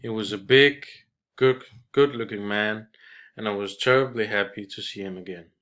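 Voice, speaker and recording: A man reading a short story aloud in a measured way, with small restarts. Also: lowish voice, a bit bright. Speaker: reader.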